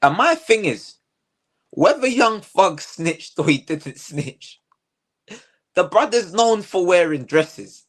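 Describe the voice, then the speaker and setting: A man's voice: sits high, sing-song, takes it slowly, a bit bright. A man hosting a casual commentary show, ranting heatedly and repeating himself, full of slang. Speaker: host.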